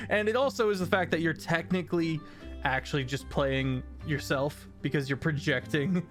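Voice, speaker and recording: A man narrating a tabletop game as game master, unhurried and full of fillers. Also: fairly high pitch, faint music behind. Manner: unhurried, hesitant with many fillers.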